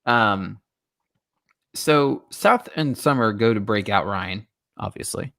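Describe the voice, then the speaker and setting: A man co-hosting a podcast, walking through a TV episode in relaxed casual chat, with frequent laughs and "um" and "you know.". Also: lowish voice, takes it slowly, creaky. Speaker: podcast co-host. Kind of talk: casual chat recapping a TV show.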